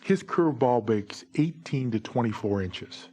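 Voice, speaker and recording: A man in his forties, a former baseball umpire, telling humorous stories in a lively, jokey way. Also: mid-range voice, unhurried. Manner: lively, jokey, breaks into shouted umpire calls. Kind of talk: humorous anecdotal storytelling.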